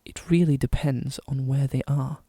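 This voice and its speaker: A man putting on a slow, pompous posh announcer voice for comic readings. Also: mid-range voice, completely flat delivery, no room sound, close to an everyday voice. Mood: mock-posh. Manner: slow, measured, overly formal.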